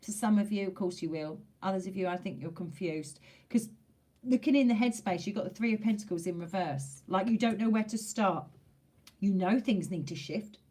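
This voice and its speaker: A woman's voice: medium pitch, moderate pace, mellow. Woman, tarot reader, casual reading to camera, chatty, emphatic, repeats herself, mild swearing.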